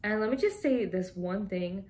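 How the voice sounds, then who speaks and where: A woman's voice: medium pitch, normal speed, a little mellow. Chatty giggly young woman from Canada. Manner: chatty and giggly, often laughing. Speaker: vlogger. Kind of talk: casual fan commentary reading tweets.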